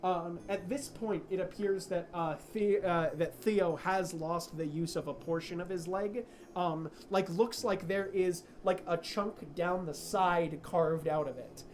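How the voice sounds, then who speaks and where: Man, game master, high voice, lots of ums and uhs, faint ambient noise. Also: a little slow, hardly any pauses. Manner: rambling with many fillers, laughing. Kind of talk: narrating a tabletop game.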